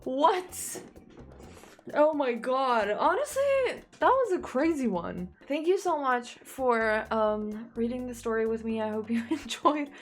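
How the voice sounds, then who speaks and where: A young woman content creator reads fanfiction aloud, interrupting herself with lively, sarcastic jokes and giggles. Her voice is a little high and her pace measured.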